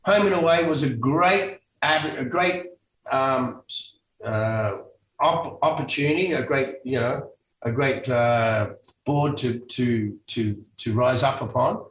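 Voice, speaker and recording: A man's voice: mid-range voice, slow pace, a bit bright. A middle-aged man from Australia, a guest telling stories in a casual interview, rambling with many restarts and self-corrections. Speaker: guest, actor. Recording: roomy echo, distant mic.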